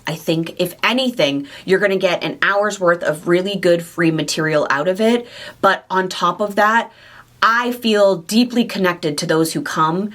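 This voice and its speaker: A woman hosting a question-and-answer vlog to camera, speaking candidly and warmly about her own weight loss journey and her affection for her viewers. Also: fairly low pitch. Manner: candid, heartfelt, confiding. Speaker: weight loss surgery coach and channel host.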